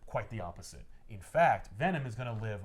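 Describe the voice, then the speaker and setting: A man hosting a casual comic podcast chat, animated and swearing as he acts out scenes. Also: fairly low pitch, a little fast, crowd noise.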